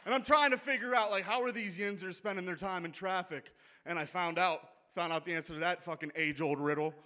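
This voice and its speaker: A brash, foul-mouthed stand-up comedian with a thick Pittsburgh accent, working a comedy club crowd. His voice sits high and bright. He talks to the audience like he is chatting with friends. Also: a little fast. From Pittsburgh, USA. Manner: brash, profane, conversational. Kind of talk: stand-up set.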